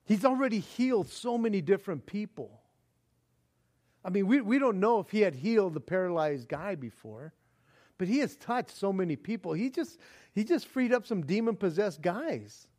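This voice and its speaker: High-voiced animated male preacher. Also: normal speed. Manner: animated, swings between booming and hushed; repeats words, restarts. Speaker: pastor. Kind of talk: sermon.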